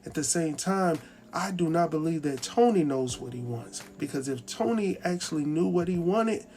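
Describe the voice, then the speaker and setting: A man's voice: a little high, moderate pace. Chatty man recapping a TV episode. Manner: chatty, animated, acts out characters' lines. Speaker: TV recap host. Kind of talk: casual recap commentary.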